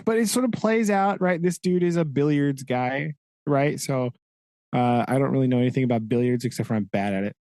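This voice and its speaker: A man's voice: mid-range voice, brisk, warm tone, dry recording. A man co-hosting a casual book discussion, rambling along with lots of "like" and "right?" and laughing at his own asides. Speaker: podcast co-host.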